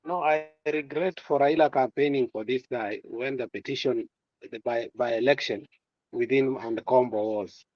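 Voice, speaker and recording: A man's voice: medium pitch, normal speed, no echo, dull audio. A man giving political commentary in a passionate way, repeating words and using many fillers. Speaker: guest commentator.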